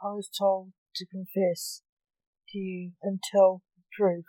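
Woman reading a panicked male killer, slow, shouted. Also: medium pitch, level tone, no room sound, close to an everyday voice, rough recording. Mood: frantic. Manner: shouting, frantic. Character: hysterical frightened male killer confessing.

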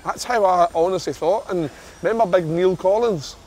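A man's voice: high voice, moderate pace, darkish tone, slight background noise. A Scottish man, a footballer, chatting frankly about old teammates and swearing freely. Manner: frank, swearing, laughing asides. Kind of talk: casual chat.

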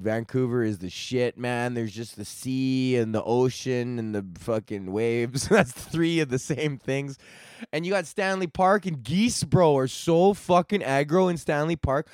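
A man's voice: medium pitch, no room sound, studio quality. A young man hosting a comedy podcast, rambling through a crude, slangy monologue and laughing at his own jokes.

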